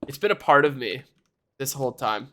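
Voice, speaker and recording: A man's voice: mid-range voice, expressive, a little fast, pushed and bright, slight background noise. A young man streaming live, chatting casually and ranting animatedly, often breaking into laughter. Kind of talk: casual chat.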